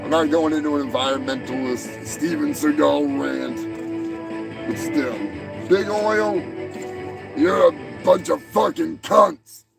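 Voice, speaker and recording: A man hosting a show in a crude, profane comedy rant, mocking people and shouting when worked up. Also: fairly high pitch, takes it slowly, creaky, over loud music. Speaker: podcast host.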